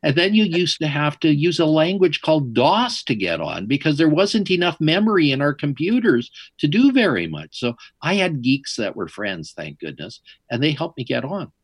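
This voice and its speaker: A middle-aged man, an interview guest, telling his story in an animated, wry way. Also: fairly high pitch, normal speed, hardly any pauses, slightly rough, no echo.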